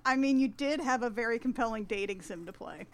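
A woman hosting a podcast in casual chat, playful and animated, laughing often. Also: on the high side, brisk. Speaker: podcast host.

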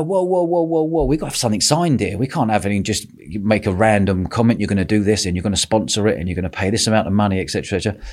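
A man hosting a podcast, telling a lively story with lots of laughter and quoted voices. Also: fairly low pitch. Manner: animated, laughing, acts out quotes. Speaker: podcast host. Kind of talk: casual storytelling chat.

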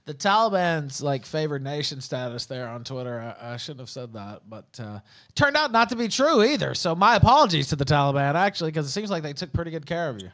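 A man hosting a livestream talk show, relaxed, asking questions and reading out viewer messages. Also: a little high, fairly quick. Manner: relaxed, reads viewer messages aloud, laughs along. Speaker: host.

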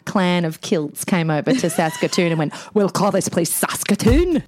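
A woman's voice: fairly low pitch, lively intonation, moderate pace, background noise. A woman with an Australian accent co-hosting a podcast, chatting and telling stories with frequent giggles. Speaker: podcast co-host. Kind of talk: casual chat.

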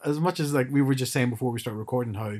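A man's voice: mid-range voice, racing, darkish tone. A man co-hosting a casual chat podcast, talking hesitantly and often repeating words as he starts sentences. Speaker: podcast co-host.

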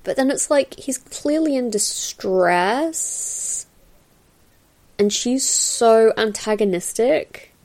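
A woman's voice: a little high, animated, slow, darkish tone. A woman hosting a casual film commentary, chatting in a meandering way with lots of fillers and little laughs. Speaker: podcast host doing a film commentary. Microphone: new podcast mic.

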